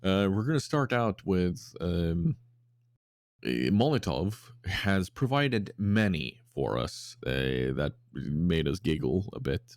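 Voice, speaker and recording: A man's voice: sits low, expressive, slow, no room sound, studio quality. A man co-hosting a podcast in casual chat, reading out listener submissions with lots of fillers and restarts. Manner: rambling with many fillers, breaks into silly voices.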